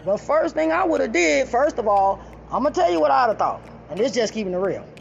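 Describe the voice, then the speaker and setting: Gravelly high-voiced woman telling a story. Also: a little fast, highs cut off, a little hiss or hum. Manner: profane, animated, loud. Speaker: storyteller vlogger. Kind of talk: casual storytelling rant.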